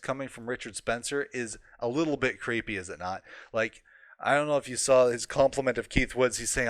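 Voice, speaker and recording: Reading an article aloud for his commentary vlog, this political vlogger fumes, curses often, and ridicules the writer. He speaks into a home desk microphone in a fairly low, slightly bright voice with no echo.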